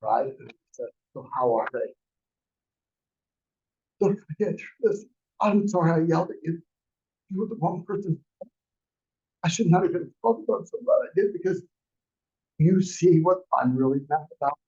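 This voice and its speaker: Forties male instructor, husky, gravelly, storytelling style, dull lo-fi sound. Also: a little high, expressive, moderate pace, long pauses, mellow. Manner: rambling, anecdotal, acts out quotes. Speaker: real estate class instructor. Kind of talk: casual storytelling lecture.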